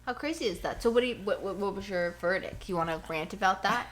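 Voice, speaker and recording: A woman co-hosting a casual podcast at home, ranting in a rambling, animated way into a cheap headphone mic. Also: medium pitch, fast talker. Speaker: podcast co-host.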